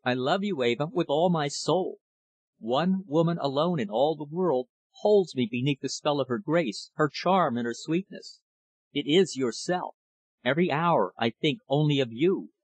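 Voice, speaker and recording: A man voicing an ardent young gentleman in a storybook reading, earnest and impassioned. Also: fairly high pitch, moderate pace, breathy edge, no echo. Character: ardent young gentleman declaring his love.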